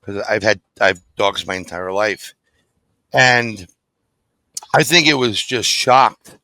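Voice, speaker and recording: A paranormal investigator, appearing as a guest in an interview, tells a story in a vivid, animated, blunt and profane way. His voice is bright and tense yet fairly low in pitch, his pace is slow, and there is no echo.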